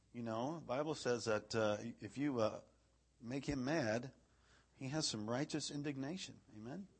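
Here a male preacher with a slightly rough, mid-range voice gives an easygoing sermon cluttered with fillers. When he turns to reading the verses themselves, his delivery climbs to a loud, emphatic pitch.

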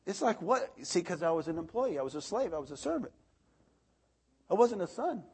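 A man in his thirties preaching a sermon, animated, swinging between loud outbursts and soft asides. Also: on the high side, brisk, breathy edge.

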